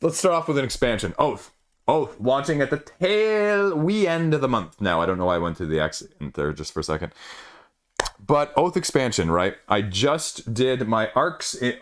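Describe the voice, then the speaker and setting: A man hosting a board game channel, talking casually and rambling off the cuff with lively asides. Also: medium pitch. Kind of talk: casual solo video commentary.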